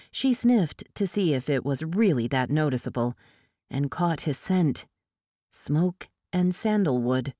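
A woman narrating a novel aloud in a steady, measured storytelling manner. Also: low-pitched, no echo, studio quality. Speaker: audiobook narrator.

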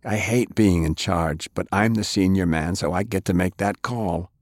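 A man's voice: sits low, normal speed, dry recording, clean studio sound, lightly acted. A man reading an audiobook, voicing a somber, resolute older knight who leads a dwindling order. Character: grim older male knight, weary leader.

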